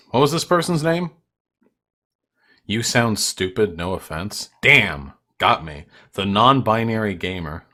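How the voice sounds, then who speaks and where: A man's voice: lowish voice, very animated, slow pace, pauses often, pushed and bright. A young man hosting a livestream, ranting at his chat in a profane, combative and mocking way. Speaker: livestream host.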